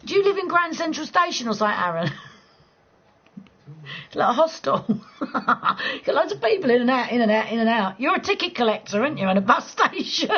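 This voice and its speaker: A woman from southeast England with a local accent, chatting casually with viewers on a late-night live stream from home, blunt and quick to laugh. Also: on the high side, big pitch swings, fairly bright tone, slightly rough, muffled recording. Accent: southeast English. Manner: chatty, blunt, swears freely, laughs easily.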